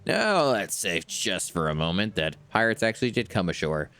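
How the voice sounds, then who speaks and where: A man doing a gruff, insistent islander. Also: lowish voice, sing-song, a bit bright, soft background music. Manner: insistent storyteller, slow and swearing it is true. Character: gruff male islander spreading pirate rumors.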